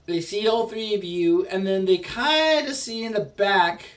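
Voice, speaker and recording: A man's voice: sits high, unhurried, far from the mic. A man narrating a tabletop game as dungeon master, rambling and hesitant.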